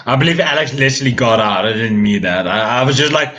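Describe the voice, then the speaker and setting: A man's voice: mid-range voice, lively intonation, fast, few pauses, sharp tone. A man giving casual reaction commentary as a music reviewer, swearing freely, ranting and restarting his words often. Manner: profane, ranting, frequent stammered restarts.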